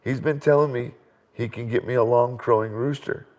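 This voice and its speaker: A middle-aged man hosting a casual live question-and-answer chat at home, an animated storyteller who laughs often. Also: medium pitch, moderate pace. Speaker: host. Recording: reverberant room sound.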